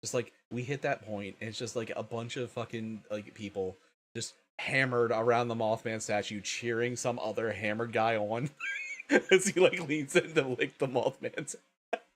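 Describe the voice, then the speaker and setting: A man's voice: medium pitch, steady tone, moderate pace, noisy background. A man hosting a casual livestream, sleepy and tired, swearing often and laughing a lot. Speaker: livestream host.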